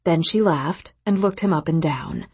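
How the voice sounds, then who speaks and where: A woman reading a novel aloud in steady, scripted narration. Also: deep voice, measured pace, slightly rough, no room sound. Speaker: audiobook narrator.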